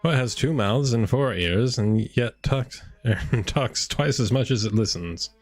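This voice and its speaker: A man's voice: medium pitch, animated, unhurried. A man voicing a haughty male librarian, lecturing in a condescending way over game music. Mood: scornful.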